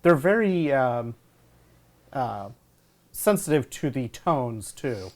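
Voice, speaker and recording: A player in a tabletop game group, explaining things in a measured, casual way. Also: mid-range voice, big pitch swings, darkish tone.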